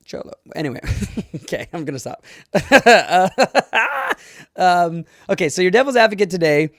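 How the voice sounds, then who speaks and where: Young guy rambling on his solo podcast, kinda high voice, dead dry mic. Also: no room sound. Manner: casual and rambling, with fillers and self-laughs. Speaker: podcast host.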